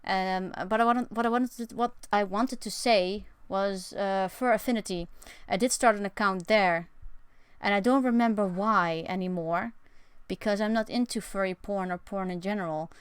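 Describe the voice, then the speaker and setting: Chatting live from her bedroom, a young woman wanders between topics, poking fun at herself with sarcastic humor. Her voice is smooth and mid-range at a moderate pace, with no echo.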